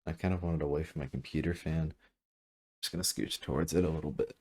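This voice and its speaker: A man commentating his own game at his computer, thinking out loud, correcting himself and trailing off with fillers, seated a little back from a desk mic. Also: extremely low pitch, fairly even intonation, slightly rough. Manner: musing, self-correcting, halting with fillers. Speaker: gameplay commentator. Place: room at a computer. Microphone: desk mic, sitting back from it.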